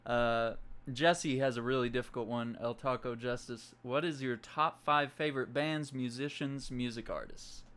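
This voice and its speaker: A man's voice: medium pitch, steady tone, normal speed, few pauses, a bit bright, smooth. A man hosting a streaming podcast, chatting easily and laughing often. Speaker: podcast host. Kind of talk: casual chat.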